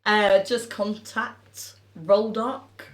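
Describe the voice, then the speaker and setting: A woman's voice: mid-range voice, fairly even intonation, extremely slow, a bit bright, roomy sound. A woman, a professional game master, chatting casually on a podcast and laughing often.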